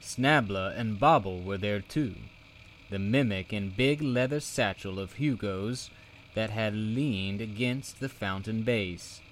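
A man reading a children's fantasy book aloud, narrating in a measured, expressive storytelling manner. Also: on the low side, slight background noise. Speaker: reader.

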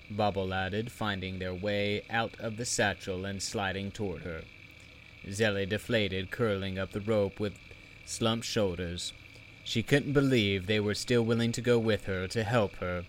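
A man with a low voice narrating a children's book at an unhurried pace. His delivery is measured and expressive, with a faint hiss of background noise. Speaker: reader.

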